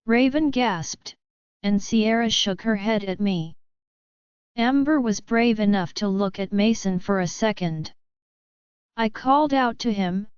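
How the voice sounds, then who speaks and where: A woman reading a first-person romance story aloud in a slow, steady way. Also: mid-range voice, smooth, no room sound. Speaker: narrator. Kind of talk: first-person audiobook narration. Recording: dull lo-fi audio.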